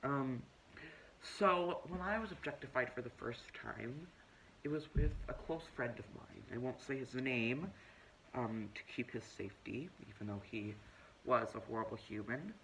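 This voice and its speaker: A man's voice: medium pitch, moderate pace, slight background noise, close to an everyday voice, rough recording. A man playing a self-righteous, preachy young woman who tells her story in a pompous, lecturing comedic monologue. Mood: indignant. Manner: pompous, lecturing, deadpan self-important delivery.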